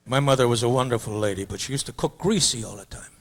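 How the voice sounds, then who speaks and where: A man's voice: medium pitch, quick pace. An older man, a comedian, telling rambling stand-up stories in an auditorium. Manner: loose, rambling storyteller slipping into mock-opera singing and funny voices. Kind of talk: stand-up storytelling. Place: high school auditorium.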